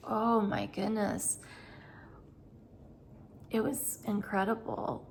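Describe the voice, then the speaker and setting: A woman's voice: a little high, steady tone, takes it slowly, gravelly, a little mellow, slight background noise. A middle-aged woman, chatting emotionally to camera in a vlog, laughing often. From United States. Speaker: travel vlogger.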